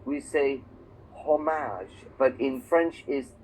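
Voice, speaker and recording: A man's voice: medium pitch, slow pace, a little mellow, slight background noise, rough recording. A man from England teaching a one-on-one English lesson, explaining patiently with examples and checking that his student follows. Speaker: English tutor.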